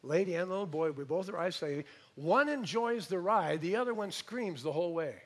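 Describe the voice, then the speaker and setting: A man preaching a sermon, telling a story in an animated way and praying. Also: high-pitched, normal speed. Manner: storytelling, animated, imitates voices.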